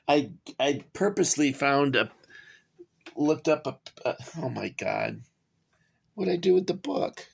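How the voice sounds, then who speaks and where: A man's voice: mid-range voice, very animated, slow pace, vocal fry, pauses often, breathy edge. A man casually reviewing a toy gun model for his viewers, rambling with frequent fillers and chatty asides to "guys". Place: cramped home workspace.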